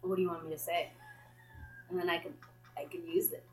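A young woman from Kenya hosting a podcast in casual chat, animated and quick to laugh. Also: on the low side, rough recording. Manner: animated, laughing easily, storytelling. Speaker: podcast host.

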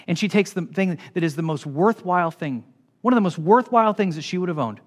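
Man, pastor, fairly high voice, animated sermon, hushed to shouting. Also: a little fast.

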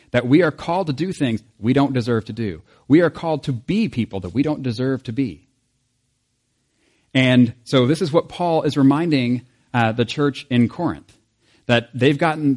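A man's voice: mid-range voice, darkish tone. A male pastor giving a conversational sermon, acting out quoted voices and chuckling often.

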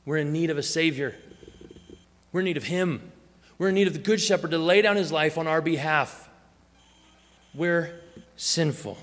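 A man's voice: on the high side, fairly bright tone. Man preaching in a reverberant church hall. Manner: storytelling, acts out quoted voices. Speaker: pastor. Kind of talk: sermon.

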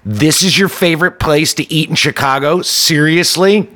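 A man's voice: medium pitch, big pitch swings, normal speed. A man voicing an irritated, snobbish young woman on a date, scornful and whiny as she complains. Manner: scornful and whiny, rising to shouting.

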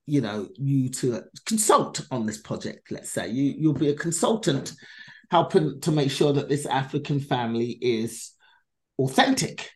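Lively woman comedian telling a story. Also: rumbling low, unhurried. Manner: animated, acts out dialogue in different voices; blunt, swears freely. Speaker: comedian guest. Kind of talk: conversational storytelling.

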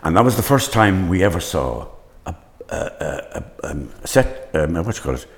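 A man's voice: low-pitched, big pitch swings, moderate pace, vocal fry. An older man, a stage actor, reminiscing in an interview with rambling, stop-start storytelling.

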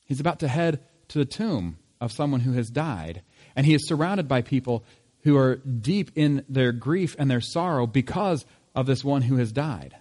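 A man's voice: mid-range voice, lively intonation, normal speed, darkish tone. A man preaching a sermon in a conversational tone, asking rhetorical questions. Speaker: pastor.

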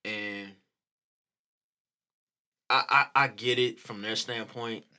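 Man, sharp bright voice, casual co-host chat, animated, profane, playful quoting. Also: lowish voice, slow pace. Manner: animated, profane, laughs a lot, acts out quotes.

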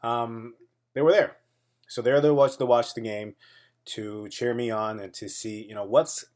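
A man hosting his own weekly comedy podcast, telling a childhood story in a lively, suspenseful way with self-deprecating jokes. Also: fairly low pitch. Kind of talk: casual storytelling monologue.

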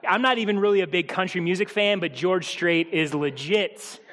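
Higher-pitched male preacher in a reverberant hall. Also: normal speed, a bit bright. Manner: humorous, conversational, addresses the congregation. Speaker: pastor. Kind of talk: sermon. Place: church hall.

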